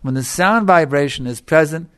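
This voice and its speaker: A man's voice: on the high side, animated, moderate pace, fairly bright tone, no echo. A middle-aged man giving a devotional lecture as a spiritual teacher, emphatic and repeating his phrases for stress.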